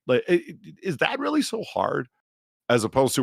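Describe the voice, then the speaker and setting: A man co-hosting a live-stream podcast, ranting in an animated, profane way. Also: mid-range voice, fairly quick, vocal fry, husky, dry recording, clean studio sound. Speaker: podcast co-host. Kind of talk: casual live-stream chat.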